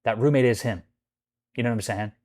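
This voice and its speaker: Young male vlogger, heated profane venting, restless restarts, medium pitch. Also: fast, darkish tone. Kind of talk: angry venting monologue.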